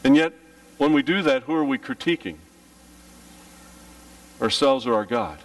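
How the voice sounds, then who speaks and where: A man preaching a sermon as pastor, telling stories with lively, dramatic delivery and acted-out cries. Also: mid-range voice, a little slow, far from the mic. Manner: animated storytelling, acting out his childhood panic with shouts. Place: church.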